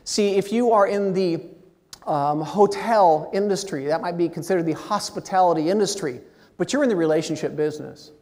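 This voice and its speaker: A man giving a keynote speech at a meeting, with lively, shifting inflection. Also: high voice, moderate pace. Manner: animated, expressive inflection. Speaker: motivational speaker. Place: large meeting hall. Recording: long hall reverb.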